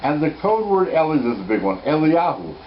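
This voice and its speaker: Speaking a little quickly in a sing-song, somewhat high voice, a man teaches about Torah codes at home in a casual Bible code lesson. The recording is slightly muffled with light background noise, and he's enthusiastic, reasoning aloud and catching his own mistakes.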